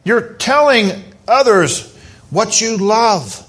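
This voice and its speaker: Male pastor, higher voice, slow and deliberate, emphatic sermon delivery. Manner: emphatic, animated preaching.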